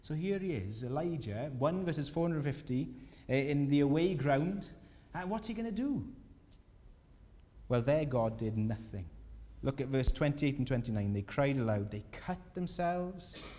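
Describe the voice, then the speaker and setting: Preacher in a reverberant church hall. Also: male voice, mid-range voice, a little slow. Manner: lively storytelling, mocking voices for scripture scenes. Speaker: pastor. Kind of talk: sermon.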